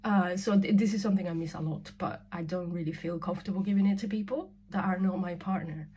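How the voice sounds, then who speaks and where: A woman's voice: fairly low pitch, fast talker, slight background noise. A young woman from Spain talking frankly to camera in a casual vlog, swearing freely and dropping to whispers. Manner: frank and sweary, laughing often, swinging from loud to whispered. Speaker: spiritual vlogger. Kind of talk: candid casual monologue.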